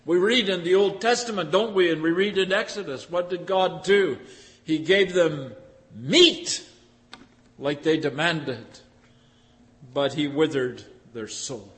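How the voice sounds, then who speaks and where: A man with a high voice preaches in a folksy, conversational manner, tossing rhetorical questions at his listeners. His words ring out with a long hall reverb. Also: measured pace. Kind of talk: sermon.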